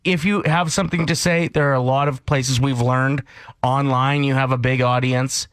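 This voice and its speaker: Male morning radio co-host from Canada, casual and animated, mid pitch, dry studio mic. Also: normal speed, smooth, no room sound. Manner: animated, ranting and storytelling.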